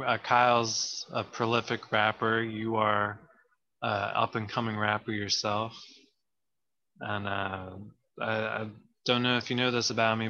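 A man's voice: mid-range voice, pushed and bright, lo-fi sound. A man co-hosting a casual podcast chat, joking and stumbling over his words with frequent laughs. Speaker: podcast co-host.

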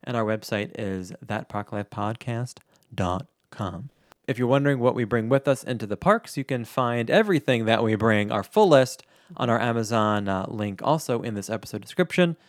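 A podcast co-host runs through the outro and plugs in a chatty, self-deprecating way. His mid-range voice is expressive and at a normal pace, recorded cleanly in a studio with no room sound.

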